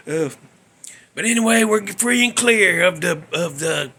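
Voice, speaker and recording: Man, gravelly voice, slightly high pitch, rambling, chuckling, folksy comic storytelling. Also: animated, normal speed, sharp tone. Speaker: podcast host.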